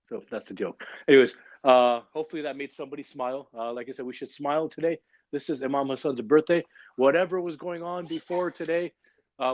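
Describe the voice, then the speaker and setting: Upbeat, quick-talking man hosting. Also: medium pitch, no echo, muffled recording. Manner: upbeat, informal, jokey. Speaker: host of a religious gathering. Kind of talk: casual livestream announcing. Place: online livestream.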